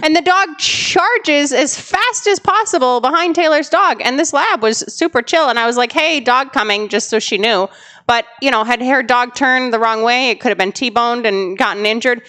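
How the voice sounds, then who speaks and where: A woman co-hosting a casual podcast, telling animated stories and sounding exasperated about careless dog owners. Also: high-pitched, moderate pace. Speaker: podcast co-host, dog trainer.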